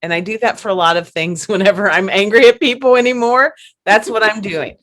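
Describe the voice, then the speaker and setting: A woman hosting a casual podcast conversation, chatty and quick to laugh, often restarting and repeating her words. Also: medium pitch, fairly bright tone. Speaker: podcast host.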